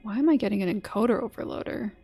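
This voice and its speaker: A woman's voice: mid-range voice, very fast, vocal fry, dark tone, slightly rough, faint music behind. A woman streaming a game, reading its dialogue aloud between chatty asides. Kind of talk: live-streamed gameplay commentary.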